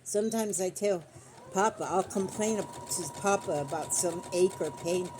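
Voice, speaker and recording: Sewing quilt squares on camera, with a phone on a stand as the mic, an older woman rambles through homespun stories in a talkative country style. She speaks fairly low at a moderate pace against a noisy background.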